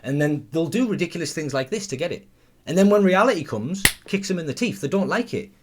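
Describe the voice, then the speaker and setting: A man's voice: a little high, expressive, brisk, noisy background. A man giving blunt, profane, sarcastic running commentary. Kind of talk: ranting commentary.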